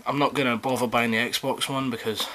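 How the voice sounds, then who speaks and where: A man's voice: mid-range voice, flat delivery, brisk, sharp tone. A man chatting casually through an unboxing, rambling, swearing often and poking fun at himself. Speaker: vlogger unboxing a controller keyboard. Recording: noisy home recording.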